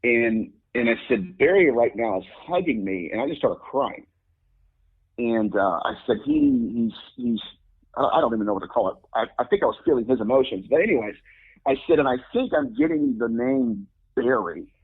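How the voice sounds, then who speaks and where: A man's voice: medium pitch, big pitch swings, moderate pace, husky. A man, a religious demonologist, earnestly telling a personal story as a guest in an interview, often quoting himself. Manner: earnest, recounts events and quotes himself. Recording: phone-like narrow sound.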